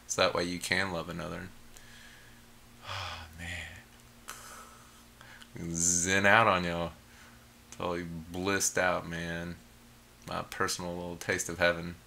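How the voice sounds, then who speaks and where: A man casually leading a heart meditation as an energy healing teacher, laid-back and blissed out, with sighs, hums and soft chuckles. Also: sits low, gravelly.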